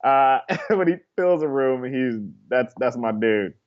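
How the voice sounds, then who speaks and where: A man's voice: medium pitch, expressive, slow pace, clean tone, lo-fi sound. A man, a comedian guest on a talk show, talking in a loose, rambling, slangy way. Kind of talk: casual comedy interview.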